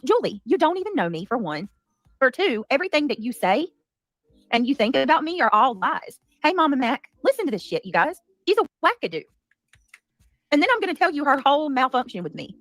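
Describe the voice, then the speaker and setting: A woman's voice: high-pitched, fairly bright tone, dry recording. A woman hosting a commentary livestream, talking in an indignant, defensive and emphatic way. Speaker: livestream host.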